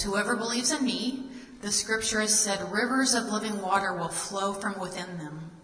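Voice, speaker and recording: A woman delivers a sermon in a bright, forward voice. She reads scripture aloud and turns to the listeners with earnest questions. Her words ring out with a long reverb, as if she is in a large hall. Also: mid-range voice. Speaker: guest speaker.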